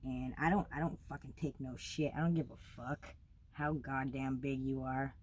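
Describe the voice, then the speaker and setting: A young woman telling a story of her travels in a casual, blunt, heavily profane way, getting animated as she relives it. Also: very deep voice, normal speed, slight background noise.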